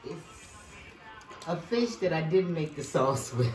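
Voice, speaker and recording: A woman at home explains each dish she has cooked, naming them one after another. Her voice is low and mellow. She speaks in an easy, conversational way. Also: animated, a little slow, faint music behind. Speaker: aunt serving a home-cooked meal.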